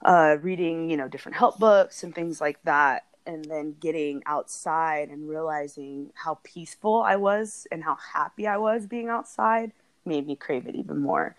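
A woman's voice: sits low, moderate pace. A woman co-hosting a podcast, talking in a casual, earnest and heartfelt way, often laughing as she speaks. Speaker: podcast co-host.

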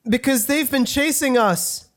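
A woman's voice: high-pitched, measured pace. A woman playing a tabletop game in a giggly, chatty way. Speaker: player. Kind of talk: casual tabletop play.

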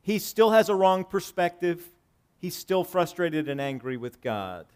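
Man preaching with dramatic loud-soft swings. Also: very animated, unhurried, smooth. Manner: dynamic preaching, swinging between loud emphasis and hushed low lines; reads scripture aloud and paraphrases it conversationally. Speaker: pastor. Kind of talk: sermon.

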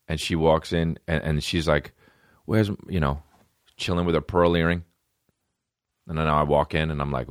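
A man's voice: extremely low pitch, no echo, clean studio sound. A man hosting a podcast, ranting in a profane, rambling, comedic monologue. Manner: profane, rambling, animated rants. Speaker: podcast host.

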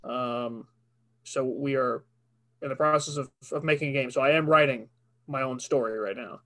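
A man's voice: medium pitch, moderate pace, a bit bright. A man who works as a voice actor, talking casually as a podcast guest in a rambling, filler-heavy way.

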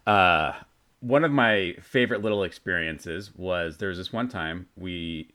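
A man's voice: deep voice, unhurried, pushed and bright. A young man co-hosting a podcast, telling a story in a rambling, self-correcting way. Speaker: podcast co-host. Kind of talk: casual storytelling chat.

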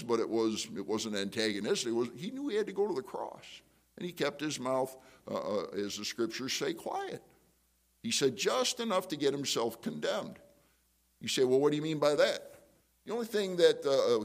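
A man preaching an evening church sermon, conversational, full of rhetorical questions and restarts, moving between loud challenges and quiet prayerful asides. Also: a little high. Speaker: pastor.

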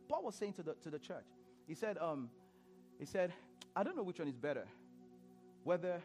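A man preaching a sermon in church, animated, laughing often and repeating phrases as he questions the congregation. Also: high-pitched.

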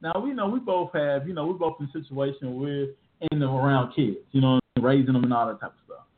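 A man in his thirties co-hosting a podcast, telling stories in animated, slangy casual chat. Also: mid-range voice, quick pace. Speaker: podcast co-host. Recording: tinny phone-like audio.

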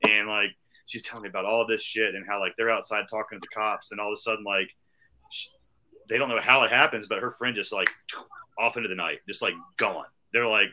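A man co-hosting a podcast, telling a long, profane story casually and acting out the quoted voices of the people in it. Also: on the low side. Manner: fast, animated, acts out quoted voices. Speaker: podcast co-host.

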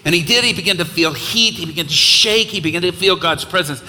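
A man's voice: high voice, quick pace. Impassioned male preacher in an echoing hall. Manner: impassioned, builds to loud exhortation. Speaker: guest preacher. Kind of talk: sermon with storytelling. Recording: long hall reverb, faint noise.

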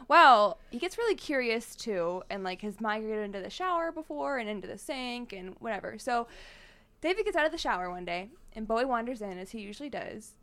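Young female co-host, high lively voice, excitable and profane, casual chat. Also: brisk. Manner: excitable, gasps and laughs often, swears casually. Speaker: podcast co-host.

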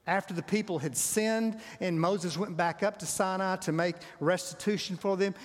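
A man's voice: sits high, moderate pace. A man preaching a sermon, telling a story and often dropping his voice to a near whisper. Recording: long reverb of a large hall.

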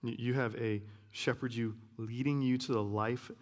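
A man giving a sermon as a guest preacher, earnest, repeating key phrases and sometimes dropping to a hush. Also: mid-range voice, steady tone, normal speed. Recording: long hall reverb.

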